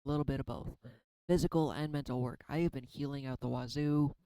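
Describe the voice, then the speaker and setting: A man's voice: mid-range voice, fairly even intonation, fairly quick, warm tone, smooth, dry recording, low-quality recording. A tired man in his thirties talking casually and candidly in a rambling way, now and then swearing. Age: 30s. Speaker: tarot reader and artist. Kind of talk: casual spiritual vlog.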